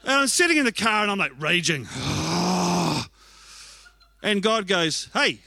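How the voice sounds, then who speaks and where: A male pastor preaches through personal, self-mocking stories. His voice sits high and bright. He speaks candidly, and the dry, close sound keeps him right in your ear. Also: slow, vocal fry, no echo. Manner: animated, self-mocking storytelling; candid and confessional. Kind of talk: sermon with personal storytelling.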